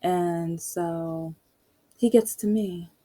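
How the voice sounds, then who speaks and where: A woman's voice: on the low side, fairly even intonation, very slow, warm tone. A woman podcaster telling a personal story in a candid, rambling way, full of asides.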